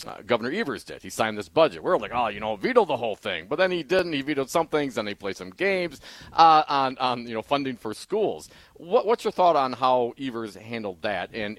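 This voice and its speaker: A man's voice: medium pitch, a bit bright, no echo. A man hosting a casual talk show, joking and restarting his sentences as he asks questions. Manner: joking, halting, many restarts. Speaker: host. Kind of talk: casual talk radio interview.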